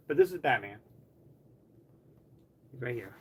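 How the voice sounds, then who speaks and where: A man's voice: mid-range voice, a little fast, fairly bright tone, slight background noise. A man live streaming from home, chatting casually in a rambling way full of "like". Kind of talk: casual chat.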